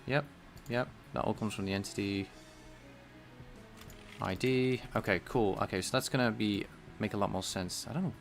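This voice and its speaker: A man's voice: on the low side, moderate pace, vocal fry, faint music behind. A man live-streaming his programming work, thinking aloud in a casual, rambling way and chatting with viewers. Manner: rambling and self-deprecating, chatting with viewers between tasks.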